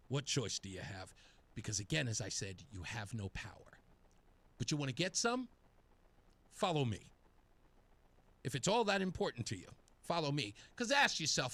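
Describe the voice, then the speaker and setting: Male radio host, bright, lively pitch, taunting and sarcastic monologue. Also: normal speed, long pauses. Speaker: radio talk show host.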